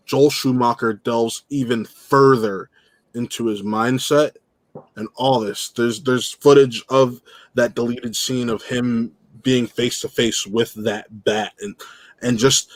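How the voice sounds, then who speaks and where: A man talking in a casual podcast chat, eager and insistent as he keeps pressing his point. His voice sits at an ordinary middle pitch. It is recorded close and dry, with no room sound. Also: fairly even intonation, measured pace, no echo.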